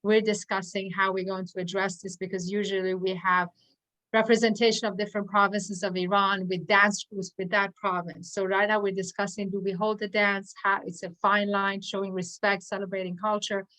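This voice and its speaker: A woman on a video call with a bright, forward tone. She speaks earnestly and animatedly at an online event, acting out quoted dialogue as she tells a personal story. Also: mid-range voice, little pitch movement, moderate pace, low-quality recording. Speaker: audience member at an online poetry event.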